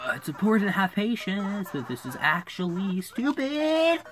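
A woman's voice: medium pitch, big pitch swings, normal speed. A woman giving casual commentary while playing a video game, muttering, repeating herself and scolding the game when it goes wrong. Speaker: gaming YouTuber. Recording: game music behind the voice.

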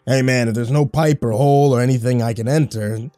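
A man's voice: mid-range voice, fairly even intonation, a little fast, mellow, no echo, soft background music, natural voice. A man voicing a smug, crude plumber who makes offhand jokes in a horror story reading.

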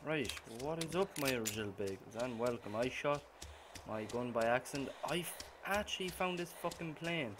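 A young man talks over a game, swearing nonstop. His voice swings widely in pitch as quiet muttering breaks into sudden shouts. There is a clear hiss of noise under the recording. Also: lively intonation, moderate pace. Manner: swears constantly, muttering that bursts into sudden yells. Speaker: gaming channel host. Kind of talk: profane gameplay commentary. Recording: noisy gameplay recording.

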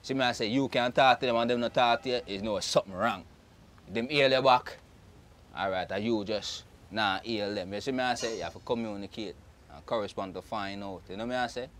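A man's voice: fairly low pitch, fairly quick, slight background noise. Laid-back Jamaican man, faint street ambience. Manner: relaxed, repeats "you know what I'm saying". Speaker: interviewee. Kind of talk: casual street talk in patois-tinged English.

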